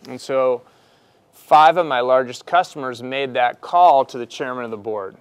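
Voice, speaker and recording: An entrepreneur telling students a personal story in a conversational way, with frequent restarts and "you know.". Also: male voice, medium pitch, moderate pace, smooth, no echo.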